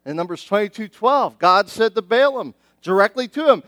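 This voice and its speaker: Middle-aged man, pastor; high, bright-edged voice, lively conversational sermon delivery, dry sound. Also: moderate pace, few pauses, dry recording. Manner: animated, conversational preaching with many restarts.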